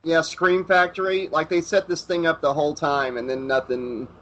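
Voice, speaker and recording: Podcast co-host, man, loose chatty delivery, slightly high voice. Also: little pitch movement, normal speed, a bit bright. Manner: says "like" constantly, laughing. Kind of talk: casual chat.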